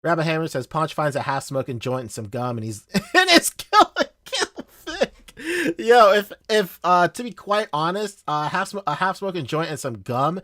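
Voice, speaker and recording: A man's voice: fairly high pitch, animated, normal speed, bright, forceful tone, no echo, studio quality. Laid-back Southern-accented man chatting. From Philippines. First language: Tagalog. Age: 30s. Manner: rambling, laughs often, swears casually. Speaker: livestream host. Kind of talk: casual livestream chat.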